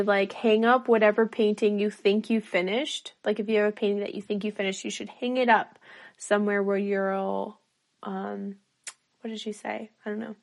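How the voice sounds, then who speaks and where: A woman co-hosting a podcast in casual chat, relaxed, laughing easily and leading the segments. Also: medium pitch, creaky. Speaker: podcast co-host.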